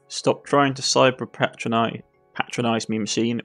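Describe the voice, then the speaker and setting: A Cornish man reading through a detective game, dropping wry, dry asides as he goes. His voice is gravelly and sits at an ordinary pitch. Faint music plays under it. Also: level tone, moderate pace, a bit bright. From Cornwall. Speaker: gaming YouTuber. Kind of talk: let's play, reading game text aloud.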